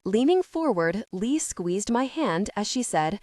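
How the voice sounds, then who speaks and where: A woman narrating a first-person audiobook at an ordinary middle pitch, steady and earnest. The sound is close and completely dry, with no room in it. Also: measured pace, dry recording.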